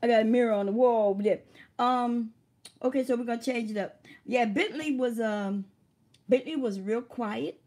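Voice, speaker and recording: A woman's voice: a little high, moderate pace, a little mellow. A woman hosting a casual livestream, who chats loosely, laughs often and swears freely. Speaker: livestream host.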